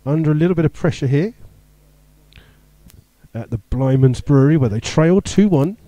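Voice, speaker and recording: A man's voice: on the high side, expressive, moderate pace, dark tone, no room sound. A man giving live radio commentary on a football match, rattling off play-by-play with the odd filler and chuckle. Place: stadium commentary position.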